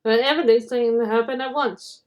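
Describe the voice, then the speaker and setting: A woman reading a children's storybook aloud in a fairly high voice. Her narration is animated and dramatic, carrying the story along between the characters' lines. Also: brisk, lo-fi sound. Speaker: storybook reader.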